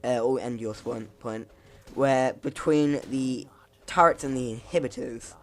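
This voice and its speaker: A man's voice: mid-range voice, steady tone, a little slow. A man casually commenting over his gameplay, rambling, laughing at himself, his voice cracking now and then. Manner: rambling, chuckling, self-mocking.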